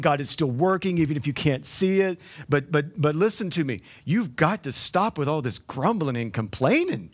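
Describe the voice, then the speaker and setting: A man's voice: a little high, expressive, moderate pace. A man preaching a sermon as the pastor, conversational, with joking asides to the congregation and frequent repeated words.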